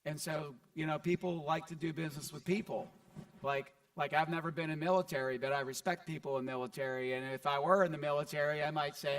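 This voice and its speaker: A man's voice: fairly high pitch, steady tone, a little fast, fairly bright tone, recorded from a distance. A man coaching an audience at a live investing seminar, chatty and conversational, often repeating words as he talks through his feedback. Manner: conversational, repeats words, acts out what he'd say. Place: event stage before an audience.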